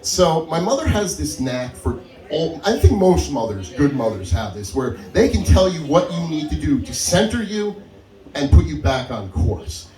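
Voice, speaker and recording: Animated man telling stories on stage. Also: moderate pace, faint music behind. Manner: storytelling, acts out quoted voices with big pitch jumps. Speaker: stand-up comedian. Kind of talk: stand-up set at open mic. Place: comedy club stage. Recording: echoey club, mic heard from a distance.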